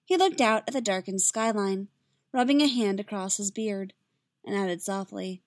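A woman reads a story aloud in a steady, measured voice. Her pitch sits in a middle range. The recording is dry, with no room sound. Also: dry recording. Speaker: reader. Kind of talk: reading fan fiction aloud.

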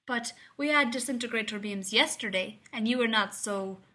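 A sly, gossipy male lab colleague, voiced by a woman narrating a story. He speaks with stiff, slightly formal phrasing, and his tone comes out bright and sharp. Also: a little high, moderate pace. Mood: teasing.

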